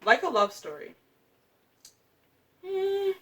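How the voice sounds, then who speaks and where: A woman's voice: very high-pitched, big pitch swings, slow, far from the mic. A young woman ranking books in a casual vlog, chatty and gushing, with lots of fillers and restarts. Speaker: booktuber.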